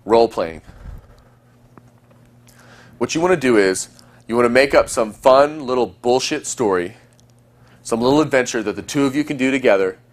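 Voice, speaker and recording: A man teaching a recorded lesson as a dating coach. He talks in a quick, chatty way and often acts out example lines. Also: medium pitch, expressive.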